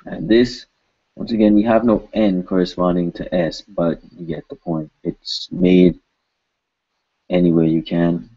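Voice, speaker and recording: The high frequencies are cut off in this pronunciation lesson, where a man with a deep, husky voice patiently repeats each word a few times. He teaches languages and speaks at a measured pace with fairly even intonation.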